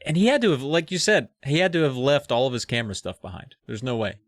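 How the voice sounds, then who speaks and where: A man's voice: medium pitch, very animated, quick pace, dry recording, studio quality. A man co-hosting a podcast, casually retelling a book's plot with fillers and swearing. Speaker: podcast co-host. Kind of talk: casual comedic plot recap.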